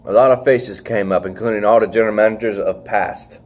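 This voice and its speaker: A man's voice: on the low side, steady tone, a little fast, a little mellow. Rambling, casual podcast host man. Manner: rambling, swearing, leans on "freaking". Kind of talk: casual wrestling review chat.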